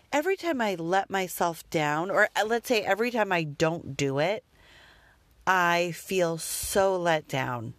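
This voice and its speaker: A woman's voice: on the low side, no echo. A woman talking candidly about parenting in a rambling, self-critical monologue with the odd curse word. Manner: rambling, self-deprecating, occasionally profane.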